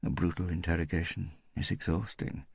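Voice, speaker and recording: A man voicing a cold, bored male interrogator in an audiobook, who speaks quietly, slowly and without interest. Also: low voice, vocal fry, husky, dry recording, clean studio sound, exaggerated voice. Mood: musing. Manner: quiet, slow, disinterested.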